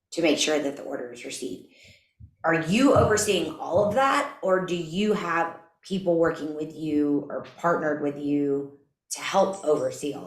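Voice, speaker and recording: Low-voiced woman host in a roomy room. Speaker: podcast host. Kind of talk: casual podcast interview. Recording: roomy echo.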